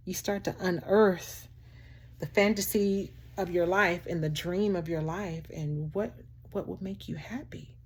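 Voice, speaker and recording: Talking straight to camera, this female vlogger delivers an earnest, lively pep talk with a preachy edge, frequently laughing and addressing the viewer as "child" and "baby." Her voice is lowish, slightly rough, and unhurried.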